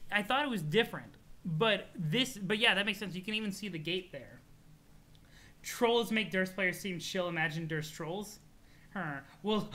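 A streamer reading a webcomic aloud on a live stream, chatty and excitable, laughing often between lines. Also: medium pitch.

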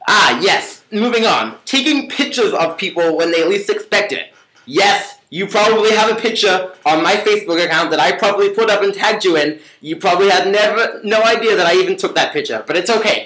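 A cocky, carefree young roommate brags and mocks in a boastful patter, as a young man puts him on. The voice sits a bit high for a man, and the home room around him rings with echo. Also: bright, forceful tone. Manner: mocking, boastful, repeats a catchphrase. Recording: echoey room.

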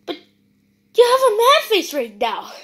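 A woman with a very high voice acts out a comic skit. Her pitch leaps around, and she speaks slowly and deliberately. She shifts from chatty play-acting to theatrical, panicky yelling. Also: huge pitch swings. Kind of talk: playful comedic skit acting.

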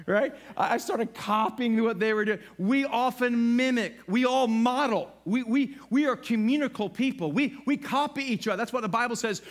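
A middle-aged man pastor preaching a sermon in a church, animated and acting out little voices as he talks. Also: very high voice, moderate pace, few pauses. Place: church sanctuary.

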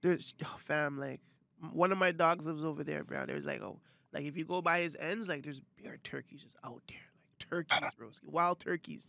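Laid back guy on a podcast, raspy fry in his voice, kinda high. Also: moderate pace, bright, forceful tone. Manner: laid-back, short replies and laughs. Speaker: podcast co-host. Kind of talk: casual chat.

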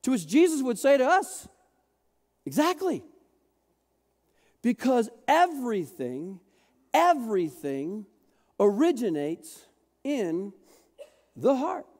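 Animated high-voiced male pastor preaching. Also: takes it slowly. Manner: animated, acts out voices of people in the story; jokey, asks the congregation to repeat words. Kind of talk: sermon. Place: large church hall. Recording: long reverb of a church hall.

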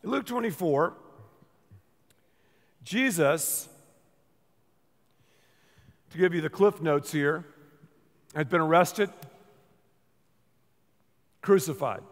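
A man with a high, bright voice preaches to a congregation, playful and animated as he acts out the people in the story. His voice rings out with a long echo, like in a big auditorium. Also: slow, pauses often. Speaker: pastor. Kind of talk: sermon with live painting.

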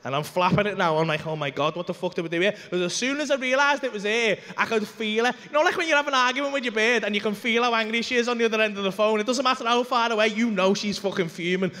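Fast-talking sweary stand-up comedian. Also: male voice, sits high. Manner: animated, sweary, acts out quoted voices. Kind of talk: stand-up storytelling. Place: comedy club stage. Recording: live club recording with long reverb and faint room noise.

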